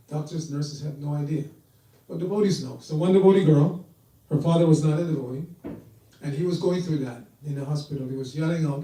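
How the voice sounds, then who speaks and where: A man's voice: fairly high pitch, fairly quick, mellow. A man giving a sermon, telling stories and acting out the voices he quotes. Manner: storytelling, acts out quoted voices. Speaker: preacher. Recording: echoey hall, voice from far off.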